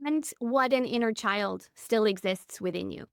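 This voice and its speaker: A woman's voice: medium pitch, unhurried, creaky, clear, resonant tone, dry recording, studio quality. A woman in her thirties, a podcast guest telling personal stories in an earnest, candid way. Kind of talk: reflective interview conversation.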